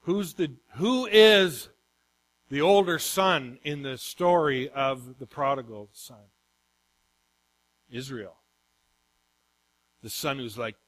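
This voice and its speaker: A man's voice: mid-range voice, slow pace, pauses often, a bit bright, rough recording. A man preaching a sermon as pastor, emphatic and calling out questions to the congregation.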